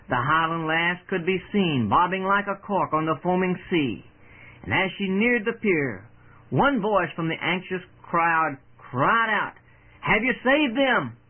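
A man telling an illustrative story and preaching an earnest, pleading sermon to listeners. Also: a little high. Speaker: radio preacher. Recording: tinny old radio broadcast.

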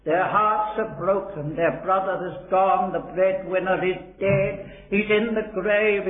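A man preaching a sermon, expounding Bible verses earnestly and building to dramatic emphasis in a large hall. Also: high voice. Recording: echoey hall on a tinny old recording.

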